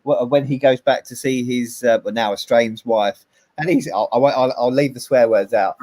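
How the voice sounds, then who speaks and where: A man interviewing a guest in casual chat, enthusiastic and halting as he talks. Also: medium pitch, a little mellow, no echo.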